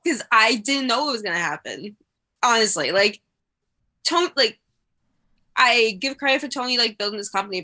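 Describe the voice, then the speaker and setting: A woman's voice: on the high side, sharp tone. A woman gushing in casual chat on a wrestling podcast, with lots of "like" fillers.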